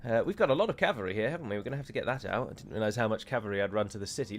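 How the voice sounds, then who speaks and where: A man's voice: on the low side, animated, very fast, few pauses. A British man giving chatty live commentary as he plays a strategy game, breaking into mock-heroic pronouncements. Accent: British English. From United Kingdom.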